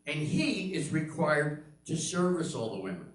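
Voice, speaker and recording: An older man from Pennsylvania doing a stand-up comedy set, telling stories and acting out the people in them with sudden jumps in pitch. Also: big pitch swings, normal speed. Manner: storytelling, acting out quoted voices with big pitch jumps. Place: live comedy room, audience laughing. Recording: echoey room heard from a distance.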